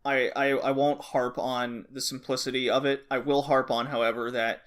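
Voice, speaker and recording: A man's voice: medium pitch, little pitch movement, moderate pace, a bit bright. A man co-hosting a podcast, bluntly complaining and swearing in casual chat. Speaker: podcast co-host.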